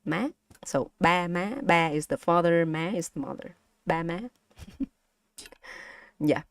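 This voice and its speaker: A woman's voice: on the low side, slow pace, dry recording. A woman with a Vietnamese accent teaching her stream chat to pronounce Vietnamese tones in a playful, giggly way. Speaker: vtuber language streamer. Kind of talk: casual language lesson to stream chat.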